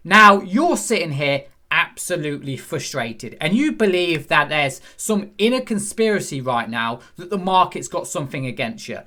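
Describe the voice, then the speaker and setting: A man's voice: fairly high pitch, sing-song, moderate pace, sharp tone. A man teaching forex trading over a chart, talking conversationally and quizzing the viewer. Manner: conversational, asks the viewer questions; acts out a frustrated trader's inner voice. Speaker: trading instructor. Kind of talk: screen-share chart lesson.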